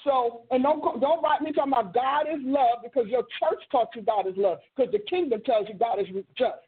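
High, husky woman preaching over a phone line. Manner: emphatic, storytelling, drawn-out stresses. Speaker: teacher and author hosting a ministry show. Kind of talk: teaching sermon. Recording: tinny phone-line sound.

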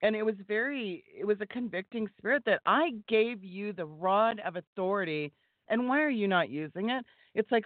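A woman's voice: medium pitch, lively intonation, moderate pace, dry recording. Female guest, exhorting preacher style, phone-quality audio, dry. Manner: emphatic, exhorting. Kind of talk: fervent preaching-style talk. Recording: tinny phone line, dry.

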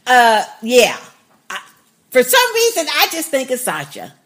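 A woman's voice: sits high, wildly swooping pitch, unhurried, a bit bright. A woman co-hosting a podcast in a chatty, agreeable way, with lots of mm-hmms and laughter. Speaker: podcast co-host. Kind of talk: casual chat.

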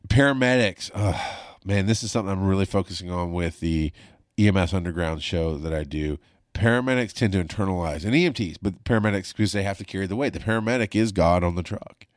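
A man's voice: deep voice, quick pace, no echo, clean studio sound. A man hosting his own show, a former paramedic telling stories in a blunt, profane, rambling way. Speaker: podcast host, former paramedic. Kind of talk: casual storytelling monologue.

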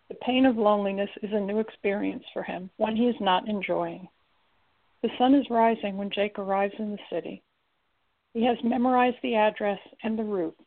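A woman narrates a story in a steady, even reading. Her voice has a gravelly fry to it. The recording is tinny and phone-like. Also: mid-range voice. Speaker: audiobook narrator. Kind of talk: scripted narration.

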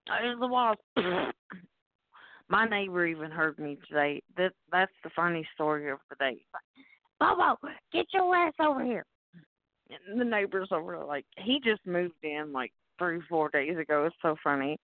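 A woman with a Southern US accent, co-hosting a casual call-in radio show and rambling through animated stories with some cursing. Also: deep voice, normal speed, no room sound. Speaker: co-host. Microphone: phone. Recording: tinny phone line.

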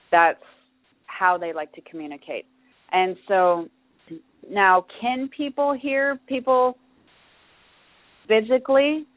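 On a dry recording that sounds like it came through a phone, a medium-pitched woman hosts a podcast alone. She talks through her subject in an easygoing way, often using fillers and starting sentences over.

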